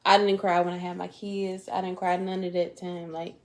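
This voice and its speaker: A woman's voice: on the low side, little pitch movement, moderate pace. Laid-back woman guest, short reactions. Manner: laid-back, brief reactions and candid asides. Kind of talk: casual chat.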